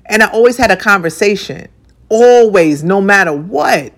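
A radio personality in her forties gives a blunt, profane monologue about her own life, swinging between soft lines and punchy, repeated emphasis. Her mid-range voice has lively intonation and moves at a normal speed.

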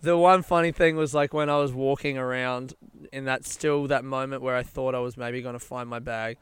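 A man's voice: mid-range voice, fairly even intonation, moderate pace, clear, resonant tone, no echo. A young man telling a long casual anecdote, rambling and swearing, laughing often. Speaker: storyteller.

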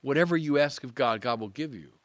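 A priest preaching a sermon in an earnest, measured way with emphatic pauses. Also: male voice, medium pitch, dry recording.

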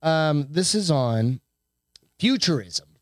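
A man's voice: fairly high pitch, sing-song, slow, no echo, studio quality. A man co-hosting a casual podcast over drinks, swearing freely and reading news aloud in a sarcastic tone. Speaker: podcast co-host. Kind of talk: casual bar-style podcast chat.

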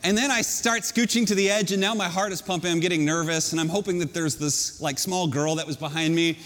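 A male pastor preaching a sermon, telling a story in an animated, self-mocking way. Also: a little high, fairly quick, slight background noise. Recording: long hall reverb.

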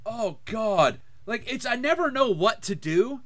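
A man's voice: extremely high pitch, lively intonation, measured pace, fairly bright tone. A man co-hosting a podcast, chatting casually and ranting in a crass, profane way. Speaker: podcast co-host. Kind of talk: casual banter.

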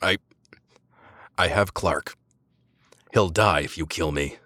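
Man doing a smug obsessive villain, taunting, low and dry, audiobook. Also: moderate pace, a bit bright, dry recording. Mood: gurgling. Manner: taunting, turning manic.

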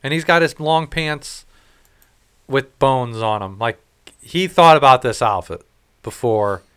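A man's voice: medium pitch, expressive, unhurried, fairly bright tone, smooth. A man in his late thirties, ranting and cursing his way through a casual story about a concert. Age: 30s. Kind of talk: casual chat.

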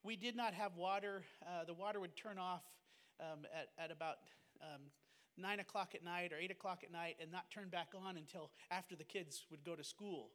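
A man with a high-pitched voice recounts a personal testimony as a pastor and missionary. He speaks earnestly, fervently and with plain emotion. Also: fairly even intonation, moderate pace, fairly bright tone, big-room sound. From United States.

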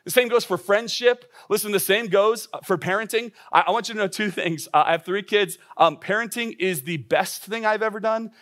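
A man's voice: high-pitched, a bit bright. A man giving a sermon as a pastor. He speaks with urgency, asks the listeners direct questions and often restarts his words. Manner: earnest, urgent preaching with frequent quick restarts. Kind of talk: sermon to young adults.

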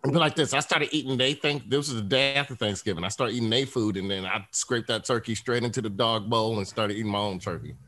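A man hosting a podcast in casual chat, telling stories animatedly, acting out the voices he quotes, with loud outbursts. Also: lowish voice, quick pace, few pauses. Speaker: podcast host.

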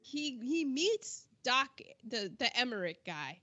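Brief: woman podcast co-host, high and very expressive, loud exclamatory film recap. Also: slow, slightly rough, highs cut off. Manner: animated, exclamatory storytelling with slang. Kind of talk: casual film discussion.

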